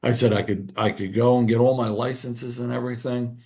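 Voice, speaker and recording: A man's voice: medium pitch, a little fast. A man, a podcast guest telling a story and acting out the dialogue in it. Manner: animated, acts out quoted dialogue. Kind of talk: casual storytelling.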